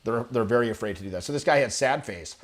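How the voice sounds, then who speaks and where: A man teaching charisma to camera, lively and demonstrative, acting out examples and swearing casually. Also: medium pitch, quick pace. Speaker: charisma coach. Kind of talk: animated coaching talk to camera. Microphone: webcam or camera, video talk.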